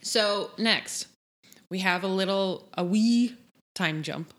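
A woman's voice: medium pitch, takes it slowly, a bit bright. A woman co-hosting a podcast, chatting casually as she recaps a TV episode, acting out quotes in funny voices. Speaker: podcast co-host.

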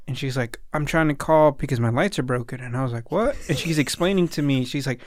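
A man's voice: mid-range voice, a little fast. A man hosting a casual podcast chat, telling stories and acting out what people said. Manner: animated storyteller, acts out quoted voices. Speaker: podcast host.

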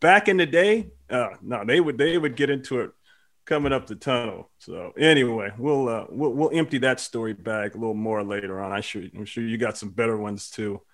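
A man's voice: mid-range voice, brisk. Chatty male sports podcast host. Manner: animated storyteller with lots of fillers. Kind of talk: casual sports chat.

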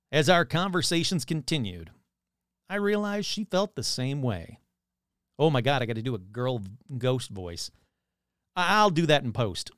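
A man's voice: on the high side, a bit bright, no echo, studio quality. A man hosting a paranormal show, reading AI-written scripts aloud and commenting wryly as he goes. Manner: wry, self-interrupting, amused.

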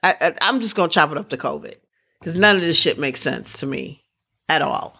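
Chatty, bright-voiced woman. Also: sits low, animated, a little fast, gravelly, breathy edge. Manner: rambling, chatty, restarts sentences. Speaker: podcast host. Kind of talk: casual sports chat.

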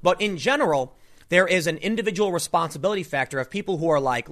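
A man with a somewhat high voice gives a loose, off-the-cuff political commentary. He rambles and restarts his sentences often, speaking straight to his audience. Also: animated, fast, a bit bright. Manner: rambling, frequent restarts and fillers. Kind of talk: casual opinion monologue.

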